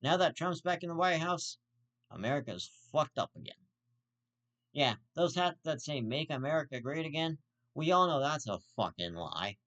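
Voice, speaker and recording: A man's voice: fairly high pitch, big pitch swings, normal speed, fairly bright tone, lo-fi sound. A man hosting his own show, giving profane ranting commentary in a blunt, repetitive way. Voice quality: blunt, profane and repetitive, circling back to the same insult. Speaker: show host.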